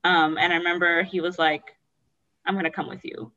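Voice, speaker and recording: A woman's voice: fairly low pitch, little pitch movement, a little fast, bright, forceful tone, distant mic, highs cut off. A woman candidly recounting a painful personal story in a rambling, emotional way. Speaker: guest sharing her story.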